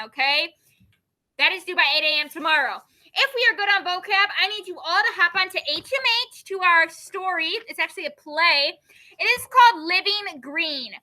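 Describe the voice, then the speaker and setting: A woman's voice: very high voice, expressive, moderate pace, sharp tone. A woman teacher leading a classroom lesson, explaining with everyday examples, often checking in with "okay?" and giving firm directions to the class.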